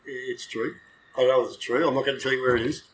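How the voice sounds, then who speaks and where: A man's voice: medium pitch, steady tone, fast talker, slight background noise, rough recording. An older Australian man, a retired police dog handler, telling rambling, self-correcting stories in casual chat and swearing freely.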